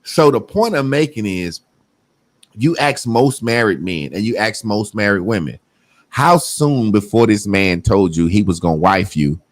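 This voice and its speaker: A middle-aged man co-hosting a podcast talks casually in a lowish voice at a measured pace, with no echo. He tells animated stories, swears freely, and mocks the people he quotes by acting out their voices.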